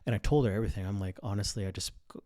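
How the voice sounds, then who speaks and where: A man's voice: on the low side, very fast, warm tone, no room sound. A man in his thirties, the host of a podcast, telling a story in a blunt, crude and boastful way with plenty of swearing. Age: 30s. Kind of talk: casual storytelling monologue.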